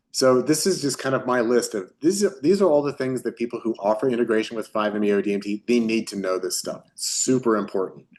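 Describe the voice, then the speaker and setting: A man presenting a training webinar, explaining at a desk and running through long strings of questions. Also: mid-range voice. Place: at a desk with a pen in hand.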